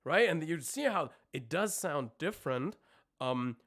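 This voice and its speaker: A man coaching singers on a live stream. He talks haltingly, searches for words, and breaks off to demonstrate screams and vocal sounds. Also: fairly high pitch, animated, fairly bright tone.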